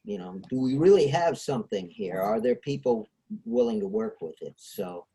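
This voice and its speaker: A man talks through ideas in a relaxed discussion, his pitch rising and falling a lot. He hesitates often as he explains. The sound comes from a video call. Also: moderate pace, gravelly. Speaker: host. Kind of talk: casual discussion.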